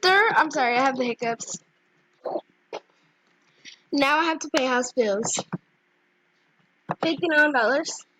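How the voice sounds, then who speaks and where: A young female gaming vlogger chatting casually and giggly over her gameplay, with squealing excited asides. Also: sits high, takes it slowly, pauses often, a little hiss or hum, low-quality recording. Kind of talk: casual game commentary.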